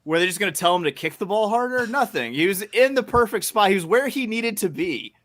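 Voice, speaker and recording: A man co-hosting a podcast in casual chat, animated and emphatic, often stopping to restart with "uh" and "um". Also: sits high, brisk. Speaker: podcast co-host.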